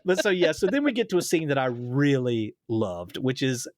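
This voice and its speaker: A man's voice: mid-range voice, big pitch swings, moderate pace, no room sound, studio quality. A man hosting a film podcast in casual chat, retelling movie scenes with animation and laughing often. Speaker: podcast host.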